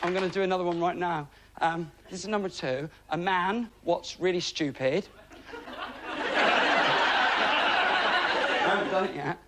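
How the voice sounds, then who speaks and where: A high-pitched middle-aged man from England does stand-up comedy in a TV studio, chatty and self-mocking with deadpan asides. A loud audience laughs and roars throughout, over steady studio noise. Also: measured pace, pauses often, crowd noise. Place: TV studio before a live audience.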